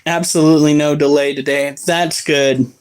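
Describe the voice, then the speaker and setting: Young guy streaming about his pets, talks on and on, a bit high voice. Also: flat delivery, normal speed, clean tone. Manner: rambling, chatty, explains pet care. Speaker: exotic pet streamer. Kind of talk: casual live-stream chat.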